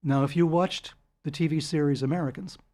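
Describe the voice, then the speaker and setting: Animated older new man telling stories. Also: fairly high pitch, a little fast. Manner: animated, chuckling anecdotal storyteller. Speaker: guest author. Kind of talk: storytelling interview.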